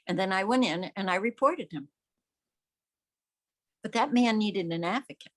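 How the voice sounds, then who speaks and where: A woman's voice: medium pitch, normal speed, long pauses. An older woman, a veteran's widow, telling stories emphatically in an interview and acting out the people she quotes. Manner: emphatic, animated, acts out quoted voices. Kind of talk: conversational storytelling. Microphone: remote audio call.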